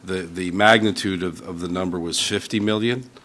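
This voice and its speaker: A man with a very low voice replies to council as a staff member. He clarifies the scope of a request cautiously, stumbling and restarting as he goes. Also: fairly even intonation, normal speed, fairly bright tone, a little hiss or hum. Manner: careful, clarifying, hesitant restarts. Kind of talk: answering at a council meeting.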